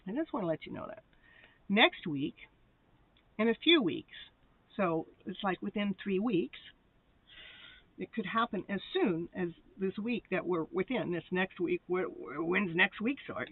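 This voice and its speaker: A woman's voice: mid-range voice, husky, no echo. A woman host giving a live tarot reading, chatty and playful, often giggling and breaking into sing-song exclamations. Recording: tinny phone-like sound with faint noise.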